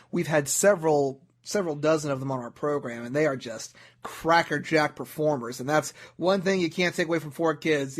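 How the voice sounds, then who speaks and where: A man hosting a talk show interview, making jokes and often stumbling over his words. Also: a little high. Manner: jokey, stumbles and repeats himself. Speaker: host.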